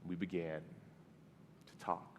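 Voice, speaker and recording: A man's voice: sits low, level tone, takes it slowly, a little hiss or hum. Man preaching in a reverberant hall. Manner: conversational, acts out dialogue, drops to soft tones. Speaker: guest preacher. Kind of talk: storytelling sermon. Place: church sanctuary.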